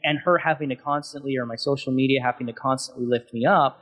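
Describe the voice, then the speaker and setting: A man's voice: medium pitch, fast talker, a bit bright. A man speaking as a guest on an interview podcast, passionate and emphatic as he talks through his thoughts.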